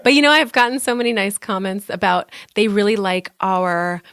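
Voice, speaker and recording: A woman's voice: medium pitch, expressive, moderate pace, a bit bright, clean tone, no echo. A woman co-hosting a podcast in a small studio, chatting casually with lots of fillers and playful teasing. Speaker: podcast co-host.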